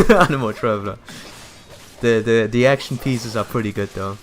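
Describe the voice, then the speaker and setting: A man's voice: mid-range voice, moderate pace, a little hiss or hum. A young man casually commenting on his gameplay, chatty and jokey, often stumbling over words and laughing. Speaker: gaming streamer.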